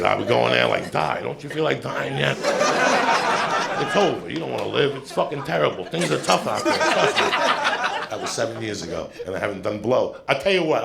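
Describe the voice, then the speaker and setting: A man with a deeply gravelly, rough-edged voice tells a long stand-up story, cursing freely and talking straight at the crowd. His pitch sits in an ordinary middle range. A steady noise hums under the recording. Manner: profane, blunt and conversational. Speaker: stand-up comedian. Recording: played clip with steady background noise.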